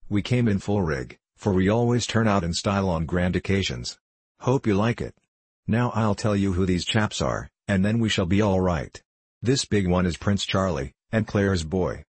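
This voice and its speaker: A man's voice: low voice, expressive, normal speed, darkish tone, slightly rough, dry recording. A man voicing a hearty teenage boy leader. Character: bold cheerful teenage boy, eldest cousin.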